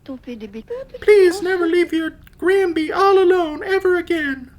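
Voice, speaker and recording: A woman voicing a doting old grandmother in a put-on Southern accent, reading game dialogue in a high, sing-song, fussing way. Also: animated, slow, a little mellow, exaggerated voice, poor audio. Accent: put-on American Southern.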